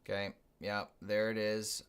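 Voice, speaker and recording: A man's voice: fairly low pitch, little pitch movement, unhurried, fairly bright tone, smooth. A man hosting a live trading stream, casually thinking aloud and explaining his moves as he watches the charts.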